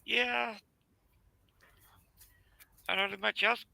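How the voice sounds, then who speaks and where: A man with a Southern US accent telling a rambling family story in casual chat, halting with fillers. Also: high-pitched, fairly even intonation, creaky, sharp tone, rough recording. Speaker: channel host.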